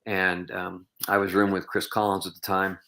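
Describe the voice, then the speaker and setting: Low, flat-voiced man telling stories. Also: moderate pace. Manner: rambling anecdotal, heavy with "you know" and "um". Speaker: podcast guest, professional bowler. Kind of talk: podcast interview storytelling.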